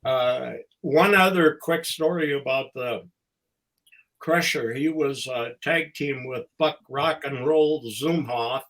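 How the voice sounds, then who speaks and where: An older man who once promoted wrestling and worked as a ring announcer appears as a podcast guest, telling casual anecdotes in a halting, fond way with pauses between phrases. His mid-range voice is a bit bright, and the recording is rough.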